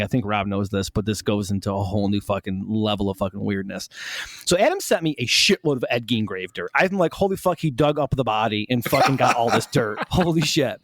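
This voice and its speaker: Man, podcast co-host, casual storytelling, lively pitch, profane, dry sound. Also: no room sound. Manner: profane, laughing, excitable.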